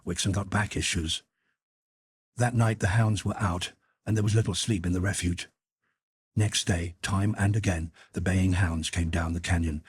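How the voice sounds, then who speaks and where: Deep, very husky male audiobook narrator. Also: no room sound.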